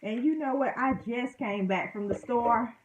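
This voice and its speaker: A chatty woman in a home kitchen, talking her viewers through a recipe and poking fun at herself as she works. Her voice sits a little high. The room is echoey and loud noise runs under her. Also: normal speed. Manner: chatty and self-deprecating, talks to viewers as y'all. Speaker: home cooking vlogger. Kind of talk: casual cooking vlog chat.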